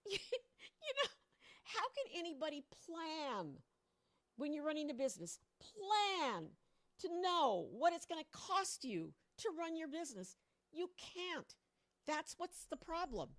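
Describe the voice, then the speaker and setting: Animated woman ranting about politics. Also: sits high. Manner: rambling, animated and mocking. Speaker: political commentator streaming to viewers. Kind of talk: casual political rant on a livestream. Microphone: own microphone on a stand.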